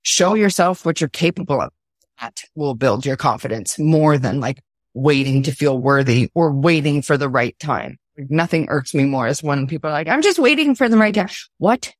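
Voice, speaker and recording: A woman's voice: rumbling low, moderate pace, no room sound, clean studio sound. A woman guest speaking candidly and emphatically in a podcast conversation, with a motivational tone and frequent "like". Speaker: guest entrepreneur.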